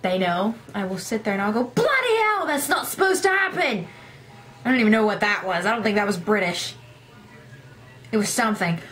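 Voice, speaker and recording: A young woman telling a rambling, self-deprecating story in a casual vlog, acting out her own past lines. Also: medium pitch. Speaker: gaming vlogger.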